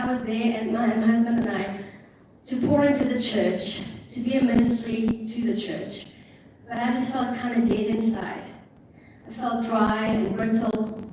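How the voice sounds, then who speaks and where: A woman with an Irish accent, a guest preacher giving a sermon in a church, telling a story in a chatty, animated way with self-mocking asides. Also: on the high side. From Ireland. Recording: echoey church from a distance, faint noise.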